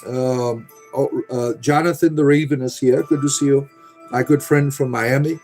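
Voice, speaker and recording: A man's voice: medium pitch, steady tone, normal speed, darkish tone, faint music behind. A middle-aged man hosting a casual livestream, rambling and salty, leaning on "right?" and plenty of filler. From Americas. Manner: rants with profanity about a mechanic. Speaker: livestream host. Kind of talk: casual chat with live viewers.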